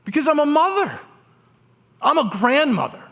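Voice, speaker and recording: A man's voice: very high voice, big pitch swings, moderate pace, a bit bright, voice pushed up, exaggerated voice. Man playing an anxious older grandmother patient, raised and earnest. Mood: earnest worried. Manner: earnest, worried.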